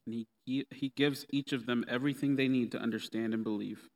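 A man preaching a sermon in a relaxed, conversational way with playful asides. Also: medium pitch, fairly quick. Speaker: pastor. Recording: long reverb of a hall.

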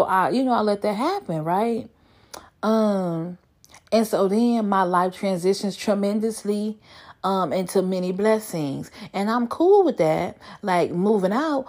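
A woman in her thirties tells a rambling story with plenty of animation. Her voice sits slightly low, and she swears casually as she goes. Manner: animated, chatty, swears freely. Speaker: vlogger.

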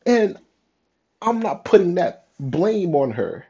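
A young man talking in a raw, halting, emotional confessional monologue, cursing often. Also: sits high, very animated, mellow, slightly rough. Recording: dull lo-fi sound.

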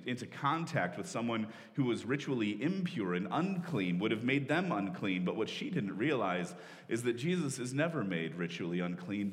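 A man preaching to his congregation in a relaxed, conversational voice of middle pitch. He explains the text as he goes, restarting sentences and dropping in "like." His words ring with the long reverb of a large hall. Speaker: pastor. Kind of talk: sermon.

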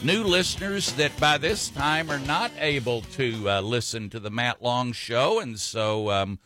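A man's voice: mid-range voice, measured pace, music in the background. A man hosting a radio talk show, chatting in a folksy, rambling way with frequent fillers and restarts. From Texas.

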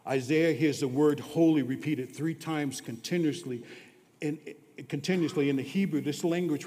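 A man delivering a sermon at a slow, deliberate pace, his voice set a little higher than most men's. He sinks to near-whispers on some lines, then swells to loud, emphatic declarations. A long reverb trails each phrase, as in a large hall. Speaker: preacher.

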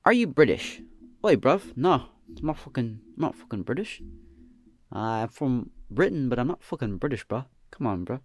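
Animated young man, slacker comedy drawl. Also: medium pitch, moderate pace, dry recording. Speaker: podcast host answering listener questions. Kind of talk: deadpan comedic podcast banter.

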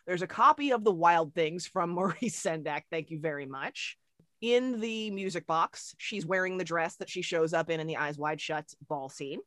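A woman co-hosting a podcast in casual chat, talking fast and animatedly with frequent swearing. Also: fairly low pitch, no room sound, studio quality. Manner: animated, profane, quick-talking. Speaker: podcast co-host.

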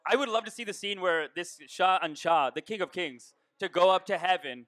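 Podcast co-host, man with a high bright voice, joking storyteller, dry sound. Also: lively intonation, normal speed, no room sound. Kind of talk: casual chat.

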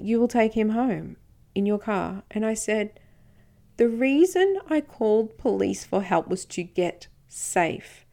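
A woman's voice: lowish voice, a little mellow. A woman hosting a podcast, telling a personal story and acting out the dialogue of the people in it, sometimes dropping to a whisper. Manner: recounting events, quoting others in dialogue, occasional whispering. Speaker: podcast host.

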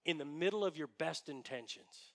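Brief: male pastor, conversational sermon, high-pitched, bright and sharp. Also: normal speed. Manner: conversational storytelling, dropping to hushed tones.

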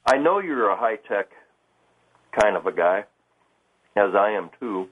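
A man from Michigan calling a radio show, talking in a hesitant, halting way. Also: lowish voice, expressive, a little hiss or hum. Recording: tinny phone line.

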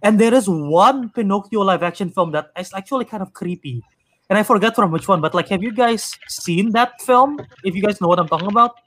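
Guy hosting a movie podcast, high voice that jumps all over, chatty and animated. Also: brisk. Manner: animated, rambling, laughs easily. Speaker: podcast host. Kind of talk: casual chat.

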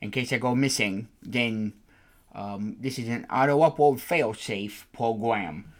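A man's voice: medium pitch, takes it slowly. A man hosting a comedy podcast in a put-on British accent, rambling with many fillers and restarts. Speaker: podcast host.

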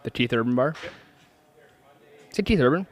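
Man, podcast host, mid-pitched, joking, playful, casual chat. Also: expressive, moderate pace.

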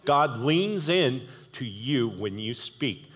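A male pastor preaching a sermon in an animated, conversational way, with jokey asides. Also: mid-range voice, takes it slowly, husky. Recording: echoey hall reverb.

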